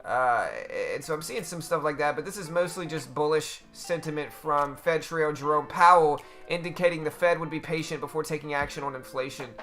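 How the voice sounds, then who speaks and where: Bright-voiced man chatting with a live stream. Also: a little high, fairly quick, few pauses, faint music behind. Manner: chatty and loose, talks to chat with slang like bro and dude. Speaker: livestream trading host. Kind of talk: casual live-stream commentary.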